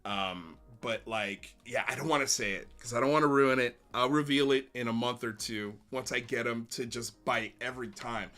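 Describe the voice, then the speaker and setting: A man's voice: medium pitch, moderate pace, few pauses, sharp tone. A man hosting a livestream, ranting bluntly and sarcastically, then reading viewer comments with frequent laughs. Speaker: livestream host.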